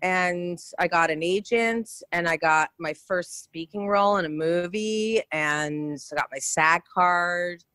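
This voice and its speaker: She speaks slowly with few pauses, in a clean, low-leaning tone free of echo. The woman is a New York actress guesting on a casual interview, animated and chatty, with frequent restarts in her stories.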